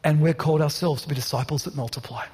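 A man's voice: on the high side, quick pace, darkish tone, husky. A man preaching a sermon as pastor, passionate and building to emphatic repeated lines. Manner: passionate, rising to emphatic repetition. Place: church hall.

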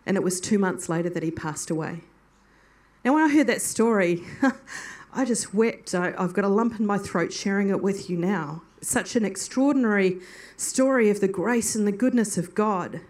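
A woman's voice: medium pitch, normal speed, a little mellow. A woman preacher giving a sermon, telling a story in an earnest, heartfelt way.

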